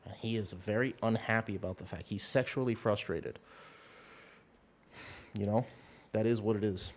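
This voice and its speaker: A man streaming a game, calmly talking through his play and chatting with viewers in a relaxed, thinking-aloud way. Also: lowish voice, normal speed. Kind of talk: live gameplay commentary and casual chat.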